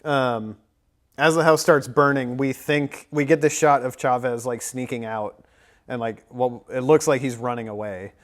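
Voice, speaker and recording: A man in his thirties talks through a film recap in a loose, rambling way. He is full of fillers and likes and keeps a middle pitch for a man. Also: fairly even intonation, normal speed. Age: 30s. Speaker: podcast co-host. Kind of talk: casual movie recap chat.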